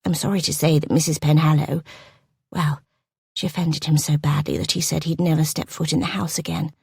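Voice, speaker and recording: A woman doing a hesitant lady's companion in a period storybook, quiet and doubtful, a bit higher than her own voice. Close and dry. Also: little pitch movement, a little fast, gravelly, husky, dry recording, exaggerated voice. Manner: hesitant, soft-spoken. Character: doubtful, softspoken older female companion.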